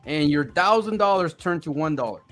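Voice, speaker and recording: A man chatting casually on a live audio space, animated and mocking complainers in put-on voices. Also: a little high, brisk, faint music behind. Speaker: crypto project team member.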